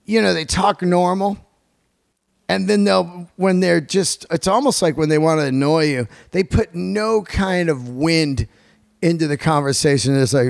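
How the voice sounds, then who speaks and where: A man's voice: sits high, moderate pace, creaky, no echo. A man, hosting a podcast in a loose, profane, rambling monologue. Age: 50s. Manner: profane, rambling, animated storytelling. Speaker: podcast host. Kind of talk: casual monologue.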